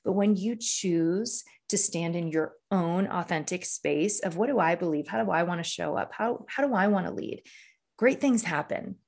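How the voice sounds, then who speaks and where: A woman with a slightly low voice talks as a leadership coach in an interview. She tells stories earnestly and keeps checking in with her listener, dropping a "right?" at the end of her points. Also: expressive, moderate pace, darkish tone. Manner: earnest, storytelling, frequent "right?" tags. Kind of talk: conversational interview.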